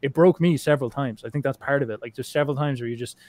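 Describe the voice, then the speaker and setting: A man's voice: medium pitch, very fast, darkish tone. A man speaking casually as a podcast guest, rambling and swearing, with many restarts and fillers. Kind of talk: casual conversation.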